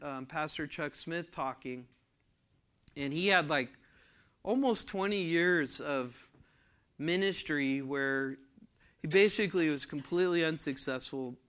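A middle-aged man delivers a sermon at an unhurried pace, his voice slightly higher than most men's and smooth. He reads scripture with rising force and breaks off for brief explanatory asides. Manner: preaching verse by verse with asides, rising louder when reading scripture. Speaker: pastor.

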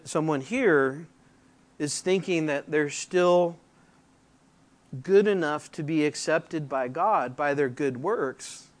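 A man preaching in a slow, deliberate way, his voice sitting a little higher than most men's. He talks through the passage conversationally, with fillers, then lifts into louder, emphatic reading of the verses. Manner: slow and deliberate, rising loudly when reading scripture aloud. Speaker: pastor. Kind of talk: sermon, verse-by-verse Bible teaching.

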